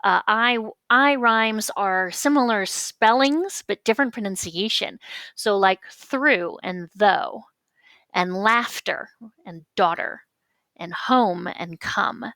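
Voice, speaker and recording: A woman teacher giving a casual lecture on poetry, stretching example words out slowly and patiently. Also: medium pitch, pushed and bright, dry recording.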